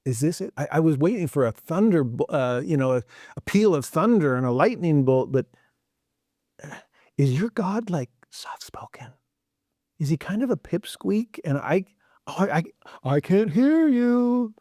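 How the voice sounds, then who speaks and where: A man voicing a sarcastic male prophet who mocks rival priests, swinging between hushed whispers and loud jeers. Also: fairly high pitch, lively intonation, moderate pace, no room sound, studio quality, lightly acted. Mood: mocking. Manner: sarcastic, mocking, jumps between whispers and shouts.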